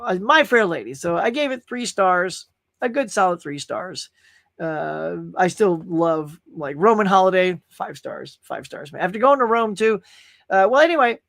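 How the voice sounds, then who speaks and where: A man's voice: high-pitched, creaky, fairly bright tone, dry recording, studio quality. A man hosting a podcast, chatting casually and enthusiastically about movies he watched, with lots of restarts and fillers. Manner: enthusiastic, rambling, many restarts. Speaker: podcast host. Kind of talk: casual movie review chat.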